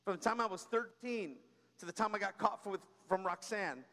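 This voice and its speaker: High-voiced preacher man in a reverberant hall. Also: expressive, a little fast, sharp tone. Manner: conversational preaching, frequent "come on" and "right?"; tells personal stories with humor. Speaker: pastor. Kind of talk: sermon.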